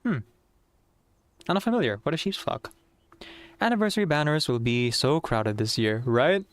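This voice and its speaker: Excitable, giggly man playing a game. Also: fairly high pitch, normal speed, dry recording. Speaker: game streamer. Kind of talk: casual gameplay commentary.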